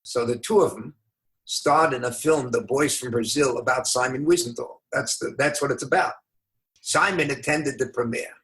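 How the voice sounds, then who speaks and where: An older man from New York, a rabbi being interviewed, telling stories in an unhurried, anecdotal way with emphatic moments. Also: medium pitch, a bit bright. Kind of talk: conversational storytelling.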